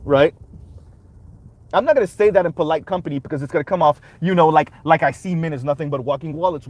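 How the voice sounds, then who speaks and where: A man's voice: on the high side, fast, darkish tone. Emphatic male commentary host. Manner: emphatic, rhetorical, keeps asking "right?". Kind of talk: reaction commentary.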